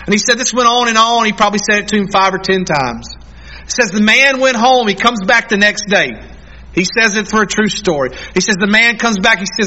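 A man preaching a sermon as pastor, earnest and emphatic, drawing out key words slowly. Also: high-pitched, pushed and bright, lo-fi sound.

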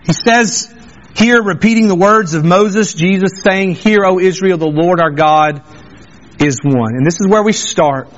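A man's voice: high-pitched, measured pace, highs cut off. A man preaching a sermon as pastor, earnest and emphatic, repeating phrases for weight. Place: church sanctuary.

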